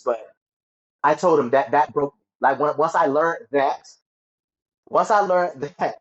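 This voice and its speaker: A man's voice: mid-range voice, lo-fi sound. A man telling a painful childhood story as an interview guest. He stumbles, repeats words and acts out the voices of people he quotes. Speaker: guest sharing his story. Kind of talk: emotional personal storytelling.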